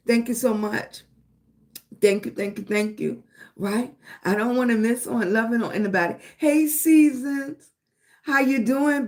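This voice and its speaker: With a fairly high pitch and a darkish tone, a middle-aged woman from Virginia hosts a livestream full of encouragement. She greets viewers affectionately by name, calling them sweetie and baby. She frequently asks "right?"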